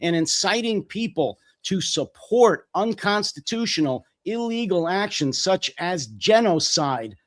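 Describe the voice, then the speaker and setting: A man's voice: high voice, big pitch swings, measured pace, hardly any pauses. An American man hosting a political talk show, speaking indignantly and emphatically with some hesitations. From United States. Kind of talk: political commentary chat.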